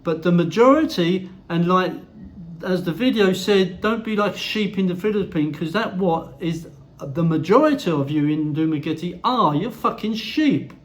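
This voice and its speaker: Male vlogger, high-pitched, blunt and profane, casual rant. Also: animated, moderate pace. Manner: blunt, profane, frequent swearing. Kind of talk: casual ranting to camera. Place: house in a Philippine city.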